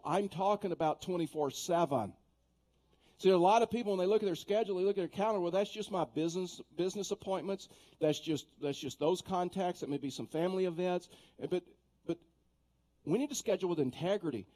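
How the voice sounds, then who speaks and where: A pastor with a high, mellow voice delivers a sermon in a conversational style. He tells stories and often repeats words as he begins a sentence.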